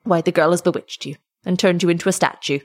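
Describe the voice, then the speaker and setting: Woman reading as a bluff young man in a storybook, blunt and bantering, with a low husky voice. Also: steady tone, fast, no room sound, studio quality.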